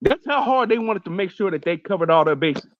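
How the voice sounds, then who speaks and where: A man with a fairly high voice argues his point in an animated way on an online panel. His call audio is dry and a little dull. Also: fairly quick, dry recording. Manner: animated, argumentative. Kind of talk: casual panel chat.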